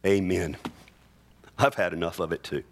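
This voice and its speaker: A male pastor preaching earnestly in church, reading scripture aloud with slow, emphatic phrases. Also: deep voice. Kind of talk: sermon.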